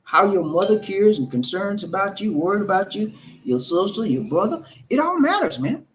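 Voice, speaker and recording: Middle-aged male host, preachy, repetitive, lively rising pitch, slightly high voice. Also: normal speed, a little hiss or hum. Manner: preachy, repetitive, addresses viewers as friends. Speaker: host of a relationship channel. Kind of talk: live-streamed advice talk.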